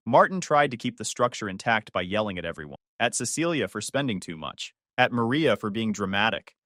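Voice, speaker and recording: A man's voice: on the low side, lively intonation, brisk, hardly any pauses, a bit bright, no echo, studio quality. A man narrating a first-person family drama story in a bitter, matter-of-fact way.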